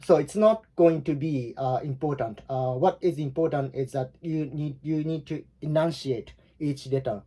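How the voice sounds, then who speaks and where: Mellow-voiced teacher explaining haltingly. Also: male voice, on the high side. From Japan. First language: Japanese. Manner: halting, searching for words with frequent restarts. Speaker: Japanese language teacher. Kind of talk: explanatory online lesson.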